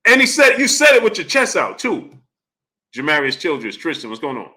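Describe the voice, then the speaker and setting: A man's voice: on the high side, wildly swooping pitch, brisk, sharp tone. A man hosting a boxing livestream, talking casually, greeting chatters by name and firing the same question again and again.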